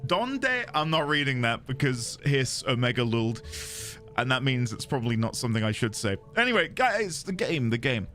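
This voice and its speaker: A man's voice: mid-range voice, sing-song, normal speed, bright, forceful tone, soft background music. A man streaming a game, chatting with his viewers in a playful, goofy way. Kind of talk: casual game-stream chat.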